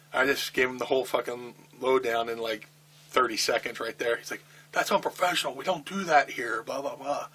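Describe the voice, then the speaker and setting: A middle-aged man with a bright, forward voice tells a backstage story in a shoot interview. He swears constantly and acts out the other people's lines as he goes. His pitch sits right in the middle for a man. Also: a little hiss or hum. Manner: profane, animated storytelling with acted-out quotes. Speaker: wrestler telling a backstage story.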